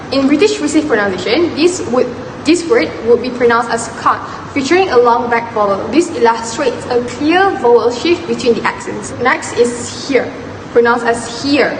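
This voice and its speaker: Young female student, slightly high, scripted class talk, roomy echo with long reverb. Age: young adult. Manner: reads a prepared script with slips. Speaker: student presenter. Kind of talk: class presentation on phonetics. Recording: echoey room with long reverb and noise.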